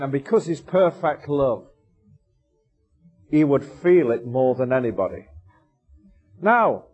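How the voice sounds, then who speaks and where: A man preaching a sermon with passion, asking rhetorical questions and swinging between loud, high bursts and quiet, low asides. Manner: impassioned, rhetorical questions, wide swings in pitch and loudness.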